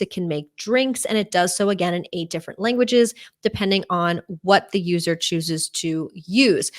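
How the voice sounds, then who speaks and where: Woman giving a conference keynote. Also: medium pitch. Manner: presenting with light fillers. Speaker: keynote speaker.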